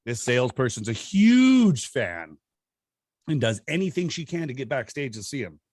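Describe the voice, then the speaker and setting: A middle-aged man hosting a podcast, telling stories in a casual, animated way and laughing often. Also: moderate pace, no room sound, clean studio sound. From Southern California. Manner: animated, laughs often, acts out quotes in high voices. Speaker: podcast host. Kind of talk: casual storytelling chat.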